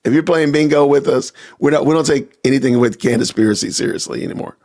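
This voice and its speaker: A man hosting a casual livestream podcast, reacting out loud and talking to his viewers as "y'all". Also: medium pitch, fast talker. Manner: talks to chat with y'all, reacting loudly. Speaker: podcast host.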